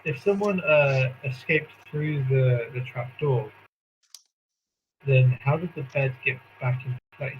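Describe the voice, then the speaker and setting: A man's voice: medium pitch, unhurried, dull audio, slight background noise. A man playing a tabletop role-playing game, talking casually and restarting his sentences as he thinks.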